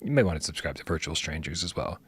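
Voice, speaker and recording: Male streamer co-host, fast, casual, filler-heavy sign-off, dry sound. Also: a bass voice, breathy edge, no echo. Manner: relaxed, rambling, lots of fillers. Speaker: podcast co-host.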